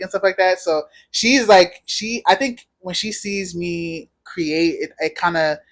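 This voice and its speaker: A woman's voice: fairly low pitch, moderate pace, few pauses. A young woman talking as a guest on a casual interview podcast, rambling along with lots of "like" fillers. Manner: rambling, heavy use of "like" fillers. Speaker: podcast guest, knitwear designer.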